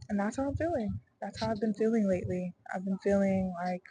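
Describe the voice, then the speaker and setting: A woman's voice: medium pitch, a little fast, background noise. A young adult woman talking through her doubts in a rambling, earnest personal vlog, her delivery swinging to emphatic bursts. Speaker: vlogger.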